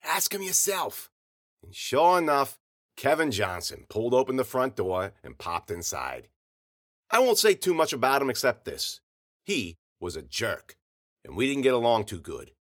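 A man narrating a first-person story in a wry, hard-boiled deadpan. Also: mid-range voice, normal speed.

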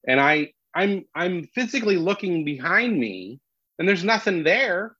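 A man, a comedian, telling a story in casual podcast chat, animated and full of restarts. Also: fairly high pitch, normal speed, slightly rough, dry recording. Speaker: comedian guest. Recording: dull lo-fi dry sound.

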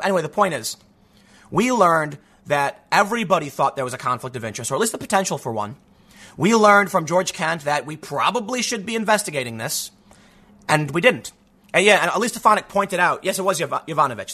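A high-pitched, pushed, bright-voiced man from Chicago in the US Midwest delivers a heated, sarcastic opinion monologue as a political commentator. He reads news excerpts aloud and keeps restarting his words.

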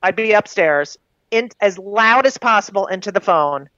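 Woman author on a podcast, swears a lot, animated storyteller, dry muffled sound. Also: mid-range voice, normal speed, no room sound. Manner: profane, lively storyteller. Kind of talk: casual chat.

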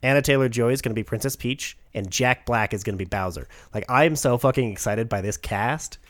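A man's voice: medium pitch, fairly quick, dry recording, studio quality. A man co-hosting a podcast, chatting casually about upcoming films, rambling and trailing off, with frequent laughs. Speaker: podcast co-host. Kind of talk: casual chat.

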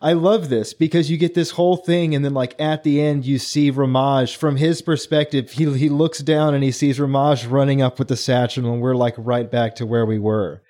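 A man's voice: medium pitch, moderate pace, hardly any pauses. A man co-hosting a book podcast, eagerly retelling scenes and acting out the characters' lines. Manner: excited retelling with acted-out quotes. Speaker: podcast co-host. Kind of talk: casual book club chat.

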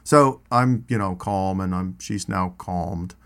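With a low-pitched voice and a slow pace, a male storyteller shares personal hiking stories casually. His spoken storytelling rambles, full of asides and restarts.

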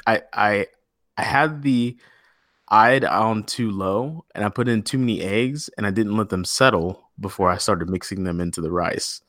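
A man's voice: lowish voice, normal speed, fairly bright tone, no echo, studio quality. Joking man co-hosting a crypto podcast. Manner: jokey, profane, reads news quotes aloud. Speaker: podcast co-host. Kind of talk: casual chat.

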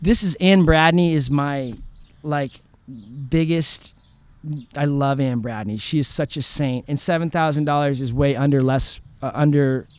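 A man from San Diego, a guest in an outdoor interview, telling his story in an animated, profane way and acting out the lines of the people in it. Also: fairly high pitch, unhurried, smooth. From San Diego, California. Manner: animated, profane, acts out quoted dialogue.

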